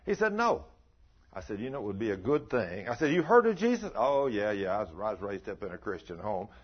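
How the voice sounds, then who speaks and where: An older man preaches in a folksy, storytelling way, often turning to his listeners with questions. His voice is husky and swings widely in pitch. The recording sounds muffled and lo-fi. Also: big pitch swings, brisk. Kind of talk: folksy sermon.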